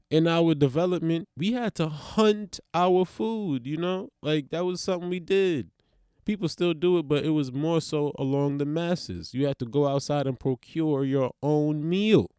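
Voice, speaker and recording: A man's voice: fairly high pitch, darkish tone, clear, resonant tone, no echo, studio quality. A young man hosting a podcast in loose, profane, rambling casual chat that jumps from topic to topic. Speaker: podcast host.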